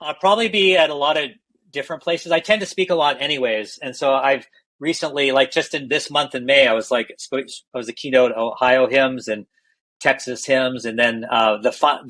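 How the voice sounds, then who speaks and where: A man's voice: mid-range voice, a little fast, a bit bright, rough recording. A middle-aged man, a healthcare executive, candidly telling stories in a podcast interview and often restarting his phrases.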